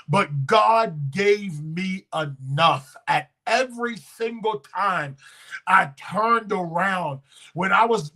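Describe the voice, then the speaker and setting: A man in his thirties preaching a sermon as pastor, testifying with feeling and swinging from hushed moments to loud, drawn-out shouts. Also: high-pitched, low-quality recording. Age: 30s. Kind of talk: emotional sermon.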